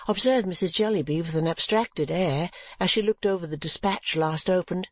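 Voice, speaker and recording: A woman reading a classic novel aloud in a measured, even narration. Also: on the low side, no echo. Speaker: audiobook narrator. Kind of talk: scripted narration.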